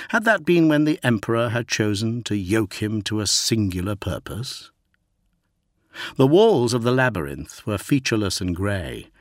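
A man reading a novel aloud as an audiobook narrator, in steady, measured scripted narration. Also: lowish voice, no echo, studio quality.

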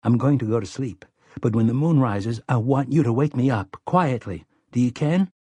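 A man voicing a thoughtful, guarded boy on a quest who speaks quietly and matter-of-factly. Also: mid-range voice, moderate pace, slightly rough, no echo, lightly acted. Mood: gentle.

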